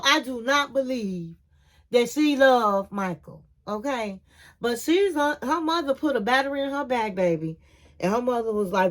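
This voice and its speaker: A woman's voice: high-pitched, fairly bright tone. A woman hosting a casual reality TV recap, telling the story in a sassy, slangy way.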